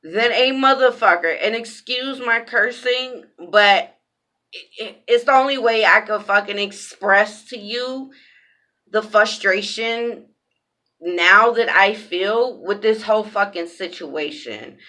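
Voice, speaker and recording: A woman's voice: medium pitch, slow pace, bright, forceful tone. A woman telling a personal story in a casual vlog, cursing bluntly, repeating phrases for emphasis, raw and emphatic.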